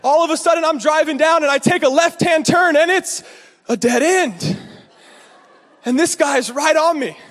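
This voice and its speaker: A male pastor with a very high voice preaches with lively energy and acts out each character in his story. His voice carries a long hall reverb. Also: normal speed. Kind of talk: sermon.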